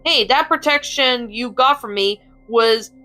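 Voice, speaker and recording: A woman's voice: a little high, measured pace, bright, forceful tone, pitched above the performer's own voice. A woman voicing a brash male thunder god who teases his friends and grumbles when he is teased back. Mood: annoyed. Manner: teasing, then grumbling and protesting.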